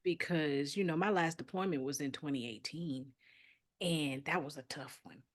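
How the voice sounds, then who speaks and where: A chatty woman hosts a casual interview and laughs often. Her voice sits a little low. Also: moderate pace. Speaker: interview host.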